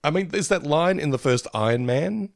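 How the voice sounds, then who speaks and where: Gravelly-voiced podcast guy, lively, tells stories and chuckles, dry mic. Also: a little high, normal speed, no echo. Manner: relaxed storyteller, chuckles mid-sentence. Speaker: podcast co-host. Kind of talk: casual chat.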